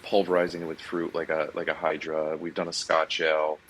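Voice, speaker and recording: Low-voiced relaxed man guest. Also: fairly quick, slight background noise, poor audio. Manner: relaxed, hesitant, lots of uh and um. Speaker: brewery guest. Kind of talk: casual interview answers. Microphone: remote call.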